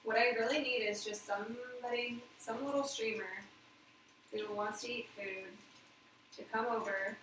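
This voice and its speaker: A woman's voice: fairly high pitch, steady tone, a little slow. A woman hosting a live cooking stream from her home kitchen, rambling casually to viewers as she cooks. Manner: chatty, rambling, talks to viewers while cooking. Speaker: live cooking show host. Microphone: phone set back from her. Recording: roomy echo, distant mic, clear background noise.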